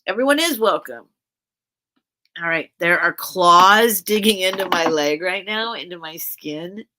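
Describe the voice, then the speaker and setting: A woman's voice: on the low side, unhurried, pushed and bright. A woman hosting a casual livestream sale, chatting with viewers in a rambling, earnest way with many restarts. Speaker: livestream seller and host.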